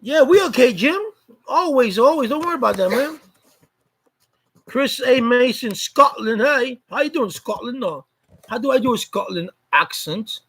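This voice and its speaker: A man's voice: very high-pitched, animated, moderate pace, a bit bright, husky, rough recording. A man hosting a casual live stream chat, greeting viewers by name in a loose, repetitive way.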